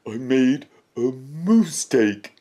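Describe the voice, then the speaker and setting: An earnest young moose with a stubborn streak, as a man reads him aloud, insisting on every point with a slightly raised, lively, unhurried voice. He swings his tone up and down with storybook emphasis. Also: medium pitch, breathy edge. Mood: insistent.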